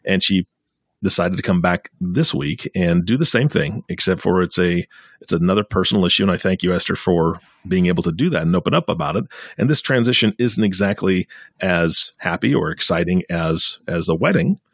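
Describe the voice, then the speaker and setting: A man's voice: low voice, animated, a little fast, slightly rough, no echo, studio quality. A man co-hosting a podcast, interviewing in a jokey, friendly way and often repeating words. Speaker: podcast co-host.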